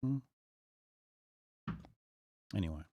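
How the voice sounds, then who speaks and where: A man's voice: drawn-out words, mellow, no echo. A man hosting a casual live stream, reacting aloud to headlines in loose slang. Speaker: livestream host.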